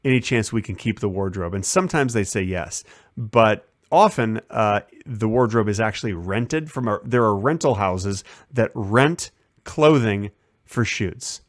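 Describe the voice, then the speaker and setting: A man's voice: lowish voice, expressive, unhurried, no echo, studio quality. A man hosting a casual stream, chatting about a shoot in a rambling storytelling way and acting out the lines he quotes. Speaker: streaming host. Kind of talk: casual behind-the-scenes storytelling.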